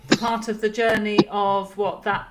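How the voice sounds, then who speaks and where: A woman's voice: medium pitch, level tone, moderate pace, very noisy. A woman talking as a guest on a spiritual discussion show, chatty and laughing easily, with some hesitant fillers.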